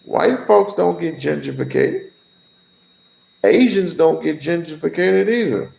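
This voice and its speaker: Slow gravelly man in an echoey room. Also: a little high, expressive, a little mellow. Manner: slow, lecturing commentary. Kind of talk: call-in livestream commentary.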